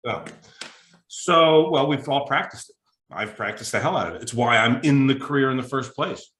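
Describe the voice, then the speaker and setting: A man, a mental toughness coach, telling a story in a podcast interview and acting out the dialogue with sudden pitch jumps. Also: normal speed, echoey room. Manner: animated, acts out dialogue with big pitch jumps.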